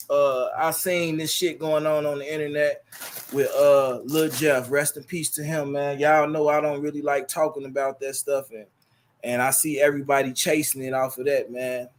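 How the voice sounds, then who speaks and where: Animated man, slightly high voice. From Chicago. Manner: animated, preachy, repeats phrases and fillers. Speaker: livestream host. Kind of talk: casual livestream commentary. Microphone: laptop.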